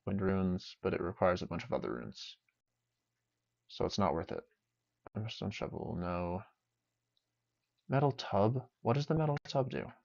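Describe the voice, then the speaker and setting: Deep-voiced young man casually streaming games. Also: lively intonation, moderate pace, vocal fry, long pauses, darkish tone. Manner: rambling, joking self-talk. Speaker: game streamer. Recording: dull lo-fi sound.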